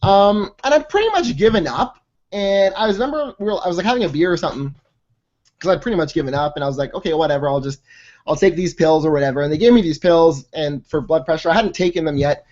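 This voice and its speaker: Guy coach telling his story on a team call, chatty and energetic, lots of "like", dull lo-fi call audio. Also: high-pitched, fast talker. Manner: energetic, chatty storytelling with many "like"s and mild slang. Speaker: guest speaker and fitness coach. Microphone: conference call line.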